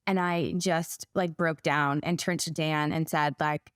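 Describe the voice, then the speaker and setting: A woman's voice: low voice, fairly even intonation, measured pace, clean tone, no echo, studio quality. A woman in her forties, a business coach for therapists, telling her story in a casual interview and acting out her own past words.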